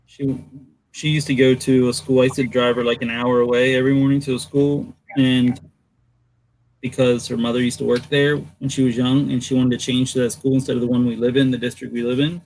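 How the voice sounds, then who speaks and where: A man telling a rambling personal story on a live video call, relaxed and unhurried. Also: mid-range voice, slight background noise, rough recording. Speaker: guest on live hangout. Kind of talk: casual chat.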